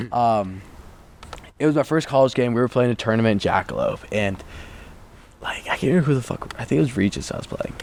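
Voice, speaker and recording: A man's voice: medium pitch, a little fast, vocal fry, pauses often, a little hiss or hum. A young man from the United States, a guest on the show, tells a story casually and keeps saying "like". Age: young adult. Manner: animated, heavy use of "like".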